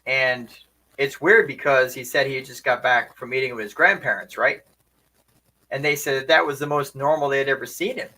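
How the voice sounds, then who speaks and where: A man's voice: medium pitch, steady tone, normal speed, bright, forceful tone, rough recording. A man commenting casually on a video, asking rhetorical questions. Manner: conversational, asks rhetorical questions.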